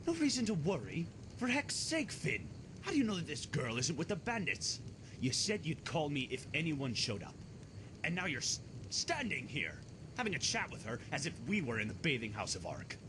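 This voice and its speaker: A man voicing a suspicious, agitated male guard in a game, scolding in rapid bursts. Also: fairly high pitch, wildly swooping pitch, noisy background. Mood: exasperated. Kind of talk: game voice acting.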